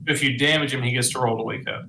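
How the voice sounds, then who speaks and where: A man's voice: medium pitch, fairly even intonation, quick pace, noisy background. A man playing a tabletop game, talking in a casual, matter-of-fact way. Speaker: player.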